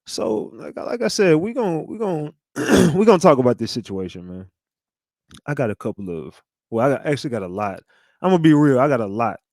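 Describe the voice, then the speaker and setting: A man's voice: medium pitch, sing-song, brisk, gravelly, a little mellow, no echo, studio quality. A man hosting a casual livestream, talking straight to his chat in a slangy, conspiratorial way. He often repeats himself and restarts. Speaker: livestream host.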